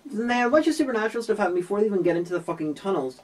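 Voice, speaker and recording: A man's voice: high voice, lively intonation, racing, a little mellow, poor audio. A man co-hosting a casual film review chat, sarcastic and swearing casually as he picks holes in the plot.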